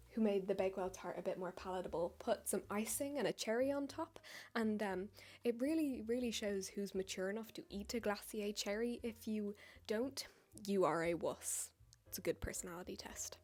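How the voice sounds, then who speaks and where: Filming herself at home on a tripod, an English-accented baker and video creator from the UK keeps things jokey and self-mocking, tossing in chatty asides. She speaks at a moderate pace in a medium-pitched, slightly mellow voice.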